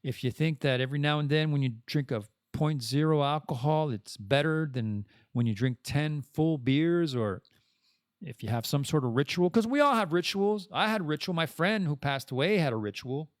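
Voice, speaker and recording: Rambling, animated man hosting a podcast. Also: normal speed, dry recording, clean studio sound. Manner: rambling, self-deprecating, animated swings in pitch. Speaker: podcast host. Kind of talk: casual podcast monologue.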